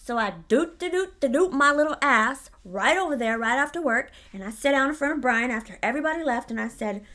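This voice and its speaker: A woman's voice: high-pitched, brisk, few pauses, bright, forceful tone. A woman vlogger telling a story in a sassy, profane, dramatic way. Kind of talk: casual storytelling.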